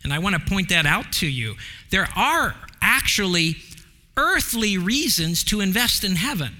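Man, pastor, sermon, animated preaching, high voice, sharp bright tone. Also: normal speed. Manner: animated preaching with big pitch swings and fillers.

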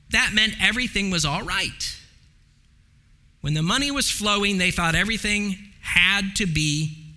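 A male pastor delivers an emphatic sermon in a bright, high, animated voice that swoops up and down. He takes his time, slowing to press each point home. The sound carries a long reverb from the church hall. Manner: emphatic, preacherly, varies pace for stress. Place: church sanctuary.

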